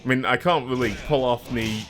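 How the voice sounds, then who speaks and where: A man's voice: mid-range voice, fairly quick, a little hiss or hum. A young man streaming a video game, reading the characters' lines aloud with playful emphasis and joking at himself between them. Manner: reads character lines with playful emphasis and self-mocking asides. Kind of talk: let's play, reading game dialogue aloud.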